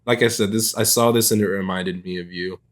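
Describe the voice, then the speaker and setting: A man's voice: low-pitched, steady tone, brisk. Joking, foul-mouthed male podcast host. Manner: loose, joking, swears freely. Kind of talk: casual chat.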